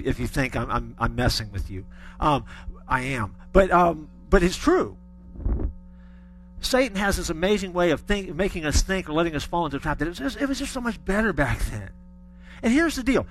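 A man's voice: on the high side, a bit bright. A middle-aged man preaching a sermon, telling stories with folksy humor. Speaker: pastor.

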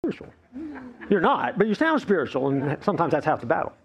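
A male pastor preaching a playful, animated sermon, acting out the voices of complaining people. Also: a little high, fast talker, vocal fry, dull audio.

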